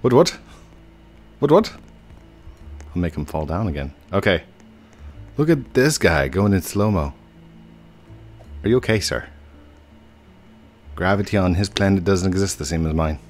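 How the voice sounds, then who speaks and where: A man's voice: expressive, unhurried, long pauses, a little mellow. A young man giving chatty, playful gameplay commentary as a YouTuber, laughing often. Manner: playful, chatty, laughs often, squeaky put-on voices when quoting. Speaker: gaming YouTuber. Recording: faint game music behind.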